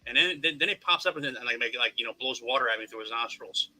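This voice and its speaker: A man's voice: medium pitch, fast, bright, forceful tone, low-quality recording. A man telling a long story in a casual podcast chat, rambling and swearing, restarting his sentences again and again. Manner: rambling, lots of repeated restarts, wry and profane. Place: Florida.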